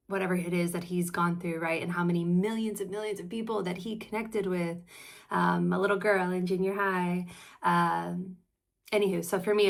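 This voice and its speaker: A woman therapist with a lowish, gravelly voice hosts a reaction video. She talks in a casual, earnest, reflective way while sharing personal stories.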